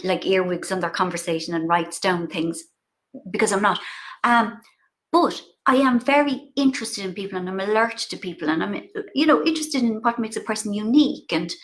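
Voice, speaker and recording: A middle-aged woman with an Irish accent, chatting casually over a video call as an author guest, telling stories with playful asides. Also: medium pitch.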